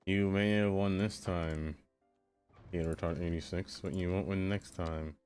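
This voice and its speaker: Casual male streamer chatting to his viewers, lowish voice, teasing and goofy, with faint music under him. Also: steady tone, measured pace, darkish tone, clean tone. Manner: playful, teasing, bursts into high sing-song catchphrases. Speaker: game streamer.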